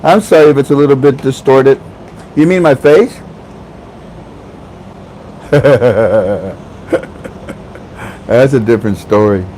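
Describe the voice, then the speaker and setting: A man's voice: mid-range voice, slow, long pauses, mellow, slight background noise, poor audio. A man hosting a casual livestream, chatting with viewers, joking and laughing often. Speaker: livestream host.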